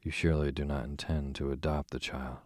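A man voicing an earnest gentleman who questions his friend quietly and incredulously. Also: extremely low pitch, little pitch movement, a little fast, no room sound, clean studio sound. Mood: doubtful.

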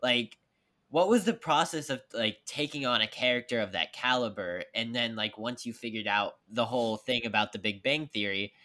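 A woman's voice: very deep voice, normal speed, fairly bright tone. A woman interviewer asking long, rambling questions in a casual chat.

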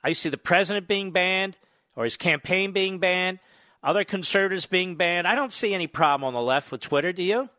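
A man's voice: high voice, fairly quick, pushed and bright, no room sound. A man hosting a radio talk show, delivering an opinionated, indignant and sarcastic monologue into a studio microphone.

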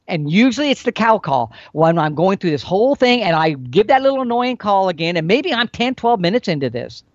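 A man's voice: high-pitched, no room sound. Middle-aged guy explaining stuff, voice jumping all over, kinda dull dry recording. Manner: animated, folksy, demonstrating with expressive swings. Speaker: elk hunting expert guest. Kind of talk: casual instructional explanation.

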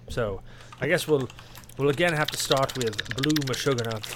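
A man's voice: medium pitch, normal speed, noisy background. A man hosting a casual gaming podcast, telling stories with swearing and animation. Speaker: podcast host. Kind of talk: casual chat.

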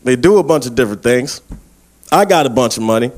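A man performing a live stand-up roast set, brash and trash-talking, deliberately bombing while slowly reading out a list with mock seriousness. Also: medium pitch, lively intonation, background noise. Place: stage before a live audience.

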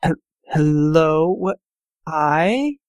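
A man's voice: fairly high pitch, animated, drawn-out words, dry recording, studio quality. A man voicing a shy, flustered young woman scholar in a tabletop game, hesitant and stammering. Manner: hesitant, stammering and caught off guard. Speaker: game master voicing a character.

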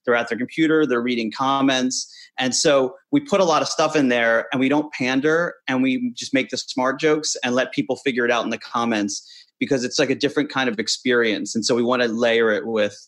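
A playful man talking casually about making a cartoon series, breaking into laughs now and then. His voice sits in an ordinary middle pitch, relaxed and unhurried. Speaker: animated series co-creator and voice actor. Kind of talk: casual chat.

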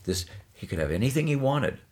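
An older man from Detroit telling lively, punchline-driven stories as a guest in a conversation. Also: medium pitch, brisk. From Detroit, USA. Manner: animated, punchline-driven storytelling. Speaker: guest storyteller. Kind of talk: anecdotal storytelling in conversation.

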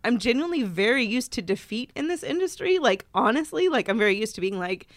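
Woman telling a story on a podcast. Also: quick pace. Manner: animated storytelling, acts out quotes in higher voices. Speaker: podcast co-host. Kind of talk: casual chat. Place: podcast studio.

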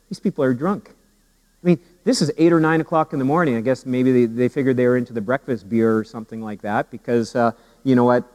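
A pastor preaching a sermon with humor and animated storytelling, often repeating his words as he goes. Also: medium pitch, in a large hall, poor audio. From Canada.

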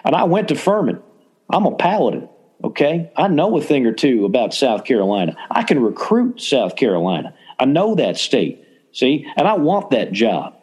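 A man's voice: medium pitch, very animated, moderate pace, a little mellow, breathy edge. A man putting on a brash Southern football coach. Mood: boastful. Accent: Southern US (put on). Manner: brash, bragging, defensive. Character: boastful male Southern college football coach at a press conference.

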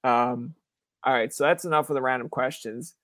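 A man's voice: medium pitch, normal speed, no room sound. A young man from Canada hosting a casual podcast interview. He tells stories with lots of acted-out quotes and swears freely. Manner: animated storyteller who acts out quoted voices, swears freely. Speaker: podcast host.

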